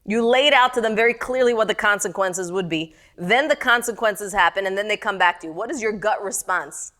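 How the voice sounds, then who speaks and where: A middle-aged woman teaching a text-study class, animated and questioning her students. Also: medium pitch, brisk.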